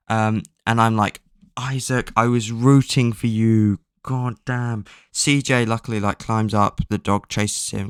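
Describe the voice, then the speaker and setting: A man's voice: fairly low pitch, fairly bright tone, clean tone, no room sound, clean studio sound. A man casually recapping a book's plot, rambling with lots of fillers and offhand swearing. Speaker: book recap vlogger.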